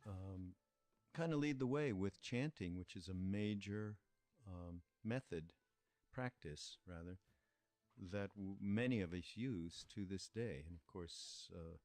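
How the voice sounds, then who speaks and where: An older man hosting a podcast, telling a story in a reflective, meandering way with pauses and restarts. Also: low voice, a little mellow, no echo. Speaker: podcast host. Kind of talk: casual spoken storytelling.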